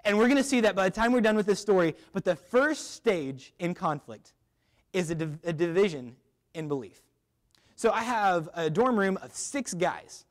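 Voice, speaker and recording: A young man with a high voice speaks at normal speed as a chapel speaker at a school. He's a lively, joking storyteller, sharing a funny personal story before turning to a Bible passage.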